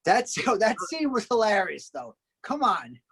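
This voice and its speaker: Excitable man jumping into a chat. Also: sits high, measured pace, breathy edge, no echo. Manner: excitable, interjects, swears, laughs. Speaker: podcast co-host. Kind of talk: casual movie review chat.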